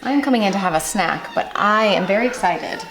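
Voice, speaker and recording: This vlog host speaks at a mid-range pitch and a fairly quick clip, talking to camera in a loose, chatty way full of fillers. The setting is her home, both indoors and outside, with constant hiss audible under the voice.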